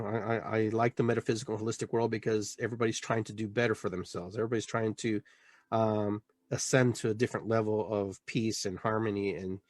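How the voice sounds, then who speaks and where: A man's voice: on the low side, no room sound. Emphatic rambling man, dry sound. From Peru. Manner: rambling, emphatic, many restarts. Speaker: podcast host. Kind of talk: casual monologue, town hall chat.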